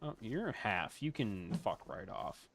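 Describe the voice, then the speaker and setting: A man's voice: on the low side, sing-song, slow, vocal fry, slight background noise. A man chatting and joking sarcastically with friends while playing a survival game. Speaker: gamer. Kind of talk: casual co-op let's play chat.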